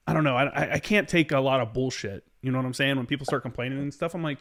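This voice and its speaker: Blunt, profane podcast host. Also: male voice, a little high, fast talker, fairly bright tone. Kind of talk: casual conversation.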